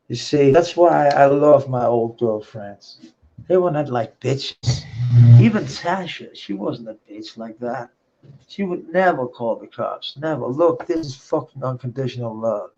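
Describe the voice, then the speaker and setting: A man's voice: mid-range voice, lively intonation, measured pace, dark tone, slight background noise. A man rambling through a profane personal monologue, swearing often and laughing between thoughts. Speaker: vlogger. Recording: dull lo-fi recording.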